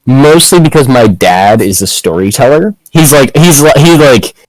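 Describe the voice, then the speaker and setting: A man's voice: medium pitch, expressive, moderate pace, no echo, low-quality recording. A man chatting casually between tabletop game turns, rambling and restarting his sentences. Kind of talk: casual chat.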